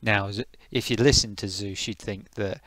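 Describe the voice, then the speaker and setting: A man's voice: lowish voice, steady tone, normal speed, a bit bright, no echo. Chatty man hosting a live stream. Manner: chatty, greets viewers, thinks aloud while fiddling with settings. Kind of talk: casual live-stream chat.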